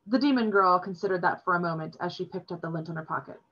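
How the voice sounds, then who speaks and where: A woman reading a novel chapter aloud in a steady storytelling manner. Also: lowish voice, fast talker, few pauses. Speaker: reader. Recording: dull lo-fi recording.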